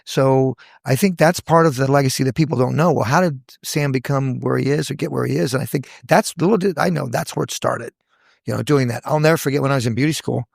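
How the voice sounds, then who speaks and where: A man in his sixties, a hair educator, telling stories from his career in a lively podcast chat, acting out the voices of people he quotes. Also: mid-range voice, fast, creaky, husky, no room sound, studio quality. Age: 60s. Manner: animated storyteller, acts out quoted voices. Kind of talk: casual podcast storytelling.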